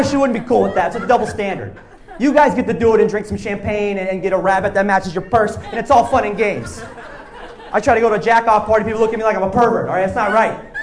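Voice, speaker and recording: A male comedian performing live stand-up on stage, animated, dropping to low asides and then shouting punchlines. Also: roomy sound. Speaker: stand-up comedian and show host. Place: live stage before an audience.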